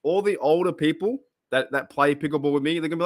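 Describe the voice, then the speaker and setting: A man's voice: a little high, quick pace, hardly any pauses. A man hosting a casual live stream, chatting and reacting to viewer comments, often repeating himself and exclaiming. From Australia. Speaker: podcast host reading live chat.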